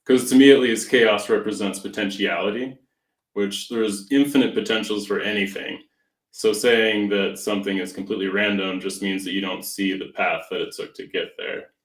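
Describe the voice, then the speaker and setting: Reflective podcast co-host, man, lowish voice, echoey room, philosophical. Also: fairly even intonation, moderate pace, recorded from a distance. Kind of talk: casual chat. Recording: roomy echo.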